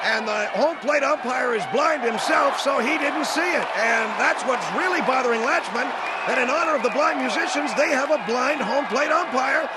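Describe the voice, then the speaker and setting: A man playing an excitable male baseball play-by-play announcer in a comedy radio sketch, calling the game with a booming delivery. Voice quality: booming announcer delivery, shouting over the crowd. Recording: loud ballpark crowd and noise.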